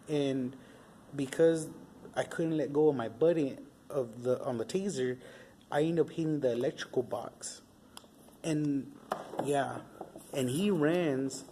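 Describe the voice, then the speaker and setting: A man's voice: mid-range voice, warm tone. A young man vlogging, casually retelling a wild story with slang and profanity.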